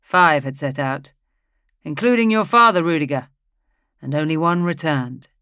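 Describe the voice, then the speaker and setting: Reader doing an old northern man, solemn and measured, close dry sound. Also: fairly high pitch, sharp tone, smooth, no room sound.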